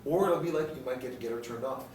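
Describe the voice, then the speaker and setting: A man's voice: mid-range voice, fast, darkish tone. A man leading a live dating seminar Q&A, brash, profane and joking, often laughing. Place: seminar room with audience. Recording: echoey room from a distance, audience noise.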